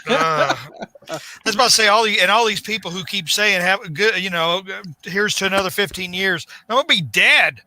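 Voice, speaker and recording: A man's voice: high-pitched, brisk, sharp tone. A man on a podcast live stream, grumbling in a self-mocking way.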